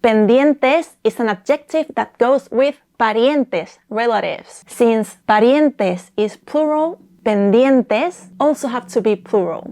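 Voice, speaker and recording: A woman from Spain with a Spanish accent, a native speaker teaching grammar by slowly repeating and explaining example sentences. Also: on the high side, lively intonation, a little mellow. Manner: slow careful repetition of examples. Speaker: language teacher. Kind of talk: explaining language points.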